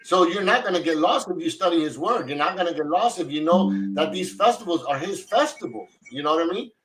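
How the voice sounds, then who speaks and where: A man's voice: sits high, lively intonation, brisk, fairly bright tone, slight background noise, rough recording. A man hosting a live online Torah study, talking fervently in a casual way and often repeating himself. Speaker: host of a Torah study broadcast. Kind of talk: casual Bible study discussion.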